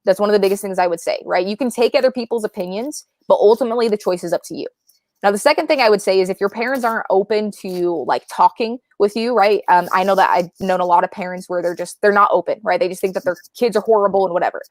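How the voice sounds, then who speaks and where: Young adult woman, interview guest, rapid chatty delivery with constant "right?" tags, dry close sound. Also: mid-range voice, no room sound. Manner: chatty, says "right?" often. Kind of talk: casual interview chat.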